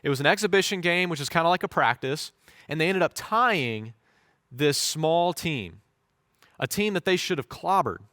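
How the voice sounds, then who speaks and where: A male pastor giving a sermon with a fairly high voice, telling his story with lively voiced quotes. The sound is dry and close, with little room echo. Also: moderate pace.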